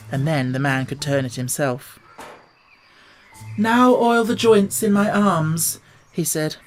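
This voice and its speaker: A man narrating an audiobook with a steady, measured storytelling delivery. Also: fairly high pitch. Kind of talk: scripted narration.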